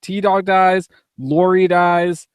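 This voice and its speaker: A man's voice: sits high, flat delivery, drawn-out words, smooth, no echo, clean studio sound. A young man co-hosting a casual live podcast, reading listener emails aloud, laughing often and swearing casually.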